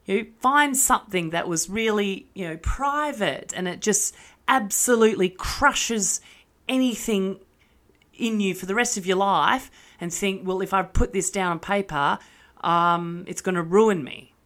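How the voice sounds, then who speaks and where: A woman's voice: medium pitch, measured pace, fairly bright tone. A woman, talking candidly and self-mockingly to her listeners, swearing freely. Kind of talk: casual monologue.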